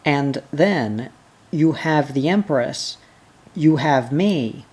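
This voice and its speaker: A reader voicing a young noblewoman who speaks in a gentle, coaxing and caring way. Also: low voice, lively intonation, very slow, slightly rough, exaggerated voice.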